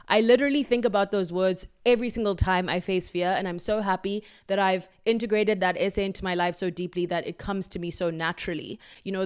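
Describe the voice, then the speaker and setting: Effusive woman hosting a solo podcast. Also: medium pitch. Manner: effusive, affirming, playful. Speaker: podcast host.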